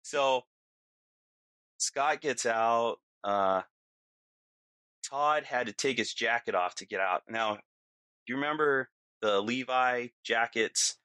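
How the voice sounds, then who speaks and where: Bright-voiced man telling a story. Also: mid-range voice, takes it slowly, long pauses, smooth, dry recording. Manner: vivid, lots of fillers, acts out his own yelling. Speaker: podcast guest. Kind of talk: casual storytelling.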